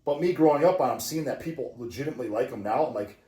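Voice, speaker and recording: A man around forty hosting a casual chat, telling stories in a profane, excitable, ranting way. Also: medium pitch, rapid-fire. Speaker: podcast host. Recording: roomy echo.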